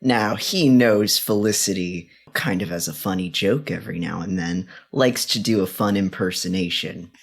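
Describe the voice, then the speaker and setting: A man playing a tabletop game, talking in a low-key, measured way. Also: gravelly, fairly bright tone, husky. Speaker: player. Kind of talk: casual tabletop game play.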